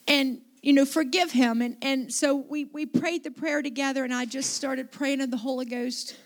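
A woman's voice: sits high, steady tone, moderate pace, few pauses. A middle-aged woman pastor telling a story in a conversational sermon, with restarts and asides.

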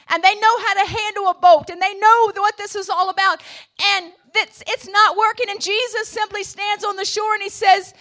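A woman preaching a sermon to a church congregation, asking the room questions and swinging from quiet, low passages to shouted high points. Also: normal speed. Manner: call-and-response preaching, swinging between soft low passages and shouted peaks.

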